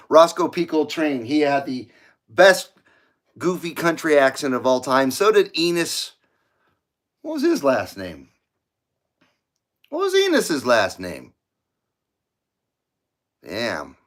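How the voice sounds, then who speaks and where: A middle-aged man from the United States hosting a CB radio livestream, chatting casually and rambling, often laughing at his own jokes. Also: mid-range voice.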